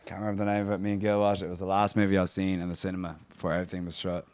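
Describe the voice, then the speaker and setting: A man's voice: low voice, flat delivery, rapid-fire, darkish tone, clean tone. A man co-hosting a casual chat, loose in his talk, swearing and laughing easily. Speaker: co-host.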